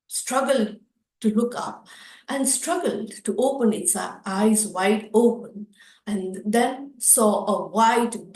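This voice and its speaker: A woman storyteller telling a children's story at a festival session, expressive and repetitive, with some fillers. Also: on the high side, roomy sound, poor audio.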